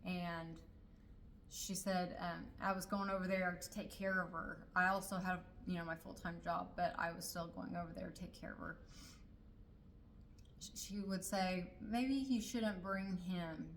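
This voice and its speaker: A woman's voice: lowish voice, little pitch movement, moderate pace, gravelly, fairly bright tone, slight background noise, poor audio. A middle-aged woman telling a personal family story in a casual way, hesitating often with fillers and restarts.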